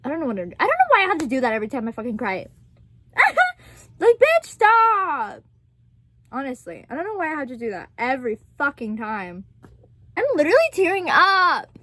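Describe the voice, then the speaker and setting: A woman's voice: fairly high pitch, very animated, very fast, few pauses, fairly bright tone, dry recording. Brief: young woman vlogger, dry close sound, gushy and foul-mouthed, laughs a lot. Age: 20s. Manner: gushing and profane, laughs often. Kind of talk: casual chat.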